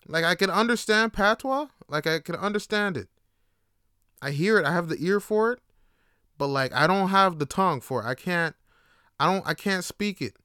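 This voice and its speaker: A young man hosting a casual solo podcast, telling slangy, animated stories and laughing often. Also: high voice, normal speed, clean tone, dry recording, clean studio sound. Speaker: podcast host.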